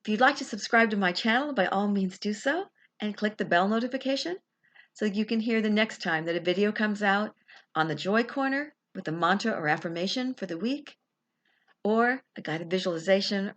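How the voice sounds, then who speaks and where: A woman guides a relaxation visualization in a slow, soothing way, letting her words settle between pauses. Her voice sits at an ordinary middle pitch, unhurried and gentle. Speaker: life coach leading a guided visualization. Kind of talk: guided meditation.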